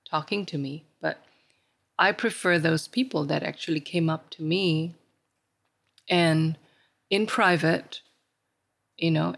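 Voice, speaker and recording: A woman's voice: sits low, creaky. A woman in a casual podcast conversation, telling stories and livening up when she quotes other people. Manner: storytelling, animated when quoting others.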